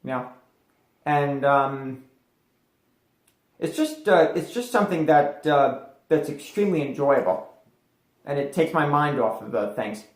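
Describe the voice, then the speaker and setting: A man's voice: a little high, expressive, a little slow, long pauses, roomy sound. A man telling a personal story as an interview guest, rambling with many fillers and restarts.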